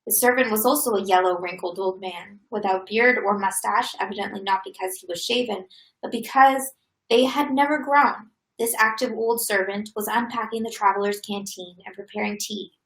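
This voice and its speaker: A woman reading a novel aloud in a steady, even manner. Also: medium pitch, normal speed. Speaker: reader. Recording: roomy echo.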